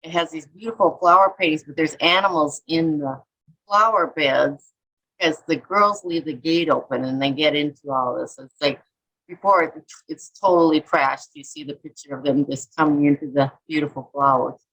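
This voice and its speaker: A woman's voice: low voice, moderate pace, a bit bright, rough recording. A middle-aged woman from Minnesota, an artist and author telling rambling stories in a casual interview and acting out quotes. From Minnesota, USA. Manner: rambling, chatty, acts out quotes and self-talk.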